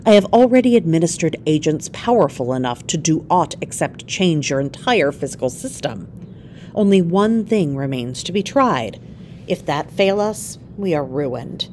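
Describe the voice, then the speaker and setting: A woman's voice: low-pitched, expressive, normal speed, a little mellow, slight background noise. A woman voicing an obsessive male scientist who speaks impetuously and urgently, in a storybook reading. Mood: grave.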